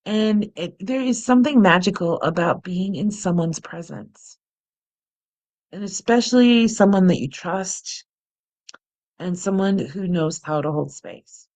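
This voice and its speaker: A middle-aged woman hosting a guided breathing practice, speaking softly and laughing at herself now and then. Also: mid-range voice, vocal fry. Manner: soft and unhurried, laughs at herself. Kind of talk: gentle guided meditation, chatty asides. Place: home, close to the camera. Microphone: camera mic, close.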